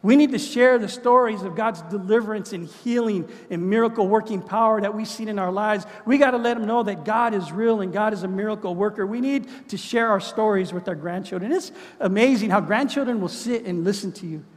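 A man's voice: high voice, brisk, few pauses. A middle-aged man preaching a sermon in an earnest way, often repeating words as he builds his point. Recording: long hall reverb.

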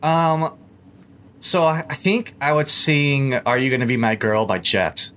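A man's voice: medium pitch, measured pace, a bit bright. A young man chats casually as a podcast guest, his mid-range voice wandering through fillers and restarts. He talks in a loose, rambling way, circling back on his own thoughts. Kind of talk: casual chat.

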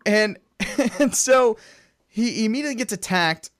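An excitable man co-hosting a movie podcast, his voice sitting a little high for a man. He chats casually, laughs often and jumps into acting out lines from the films. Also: unhurried. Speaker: podcast co-host.

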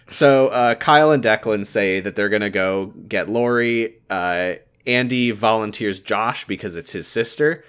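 A man's voice: lowish voice, a bit bright, clear, resonant tone. A man co-hosting a podcast, recapping an episode in casual chat, laughing and acting out characters' lines. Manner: laughing, acts out characters' lines in quick bursts. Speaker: podcast co-host recapping a show.

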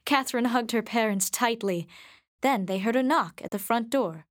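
A woman narrating a storybook in a gentle, measured way. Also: on the high side, no echo, clean studio sound. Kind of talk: storybook reading.

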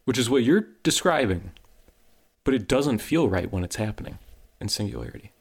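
A man co-hosting a podcast, chatting casually in an animated, rambling way that jumps up in pitch when he gets excited. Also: brisk, breathy edge. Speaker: podcast co-host. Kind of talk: casual chat.

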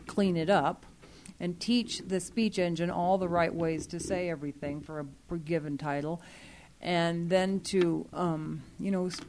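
A woman's voice: lowish voice, a little mellow, a little hiss or hum. A woman talking through an issue at a group meeting, earnest and explanatory, with many fillers. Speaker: library program staff speaking to a user group. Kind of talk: meeting discussion.

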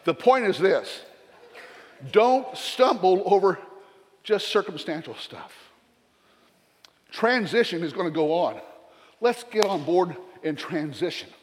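A man's voice: sits high, expressive, takes it slowly, long pauses, long reverb tail, a little hiss or hum. An older man with a Southern accent, a retired pastor preaching a sermon in a church with folksy, joking asides.

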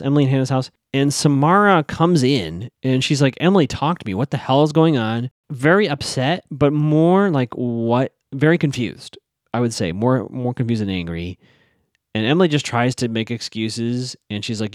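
A man casually recapping a TV episode, chatting to his audience with fillers and quick asides. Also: medium pitch, a little mellow, no echo, clean studio sound. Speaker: show recap host.

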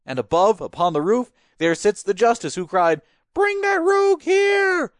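A panicked robber, acted by a man, babbles in a high, wildly swooping voice as he gasps out what happened. The delivery is breathless and frantic, straight from an audio drama with a close, dry sound. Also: animated, moderate pace, no echo. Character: terrified male robber fleeing in panic. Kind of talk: amateur audio drama acting.

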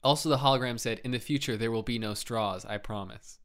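A man's voice: medium pitch, a little fast, a bit bright. A man co-hosting a casual podcast chat, sarcastic and rambling, swearing freely. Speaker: podcast co-host.

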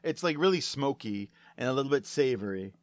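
A man's voice: medium pitch, expressive, brisk. A man co-hosting a podcast, trading jokes in a loose, casual chat. He pokes fun at himself and talks while drinking a beer. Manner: joking, self-mocking, drinking beer while talking. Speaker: podcast co-host.

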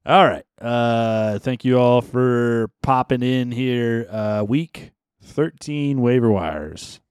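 A man's voice: mid-range voice, slow, clear, resonant tone, no room sound, studio quality. A man hosting a fantasy football podcast, talking casually with many fillers and easy laughs. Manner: relaxed, laughing, filler-heavy. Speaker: podcast host. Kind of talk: casual chat.

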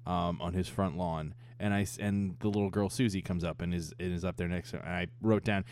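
Young adult male co-host, low-pitched voice, relaxed chatty delivery, easygoing review tone. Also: brisk. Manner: laid-back, frequent "um" and "yeah", laughs at jokes. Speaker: podcast co-host reviewing a cartoon. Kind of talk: casual chat.

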